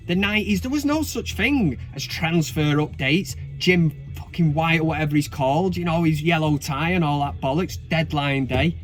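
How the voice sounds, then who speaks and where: Mancunian man in his 30s, football vlog host, high voice, sweary and sarcastic delivery. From Manchester, England. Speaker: football fan vlogger. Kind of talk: casual ranting commentary.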